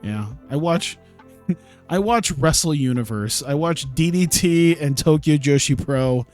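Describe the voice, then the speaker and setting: On a live stream, a man with a fairly high voice casually plays through a wrestling management game at a measured pace, thinking out loud. He chuckles and swears every so often while soft music plays in the background.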